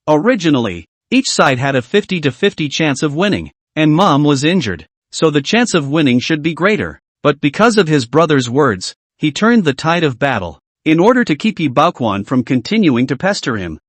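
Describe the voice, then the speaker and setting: A man narrates a story recap, reading every character's lines himself. His voice sits a little high, with a lively pitch that rises and falls constantly. The sound is close and dry, with no room around it. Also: moderate pace, few pauses, no echo.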